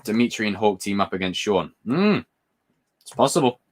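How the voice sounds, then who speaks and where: A man's voice: on the low side, sing-song, normal speed. A man hosting a casual live stream. He reads viewer questions aloud, answers them, swears casually and laughs a lot while telling stories.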